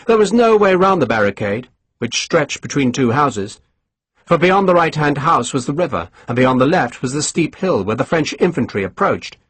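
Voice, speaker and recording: A man reading an audiobook in a measured, expressive storytelling manner. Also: fairly high pitch, husky, no echo. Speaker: audiobook narrator. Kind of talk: scripted narration.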